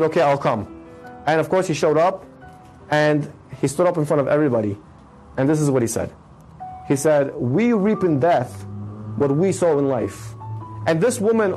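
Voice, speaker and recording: A man telling an inspirational religious story with emphatic delivery, slowing to draw out key phrases. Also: fairly high pitch, a little mellow, rough recording.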